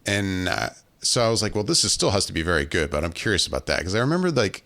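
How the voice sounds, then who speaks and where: A man's voice: low-pitched, big pitch swings, fast, creaky, fairly bright tone. A man co-hosting a podcast, chatting casually and laughing through his points. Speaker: podcast co-host. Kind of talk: casual chat.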